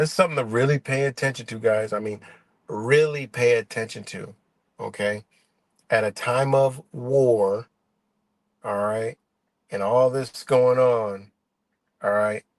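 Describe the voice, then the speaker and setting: A man's voice: medium pitch, no room sound. A man ranting on his live stream, swearing a lot, exasperated and rambling, and mocking people in quoted voices. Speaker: livestream host.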